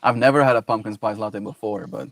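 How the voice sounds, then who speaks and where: A man streaming live, chatting casually in a soft, rambling, musing way. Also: fairly low pitch, steady tone, fast, gravelly, recorded from a distance.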